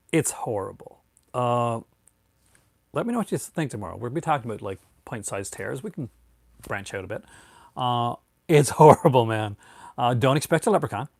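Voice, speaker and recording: A man's voice: mid-range voice, no echo, studio quality. A man in his thirties hosting a casual live stream, rambling with many fillers and restarts and calling people "man". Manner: laid-back, says "man" a lot. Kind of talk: casual live-stream chat, answering viewers.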